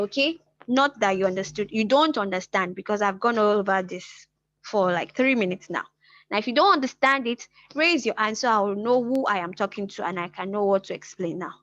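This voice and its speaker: A woman's voice: medium pitch, a bit bright. Patient woman teaching an online class. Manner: patient, repeats and slows key phrases. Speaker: Chinese language teacher. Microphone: computer mic on a video call. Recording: muffled video-call audio.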